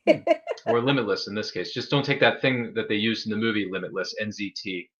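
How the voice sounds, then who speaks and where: A man's voice: lowish voice, a little fast, fairly bright tone, dull audio. A man hosting a casual chat show, rambling and joking with playful asides. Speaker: host.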